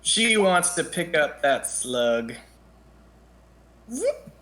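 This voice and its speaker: A man playing a tabletop game, planning his character's turn slowly and deliberately. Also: fairly high pitch, expressive, a bit bright. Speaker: player.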